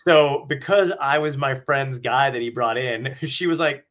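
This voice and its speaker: A man's voice: mid-range voice, measured pace, fairly bright tone. A man hosting a casual chat, telling a comedy story with loose swearing and acted-out quotes. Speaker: podcast host, comic.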